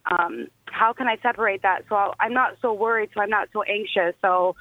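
A woman calling in to a radio show, emotional and halting as she talks about her worries. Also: medium pitch, no room sound. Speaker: caller. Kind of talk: phone-in question. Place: phone call. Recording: tinny phone line.

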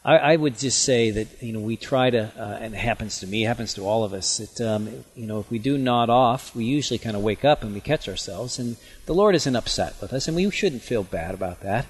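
A man serving as a bishop answers listeners gently and plainly, as a pastor would. His voice is a little husky, with a mid pitch. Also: a little fast, hardly any pauses. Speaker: bishop guest. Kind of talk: answering questions on radio.

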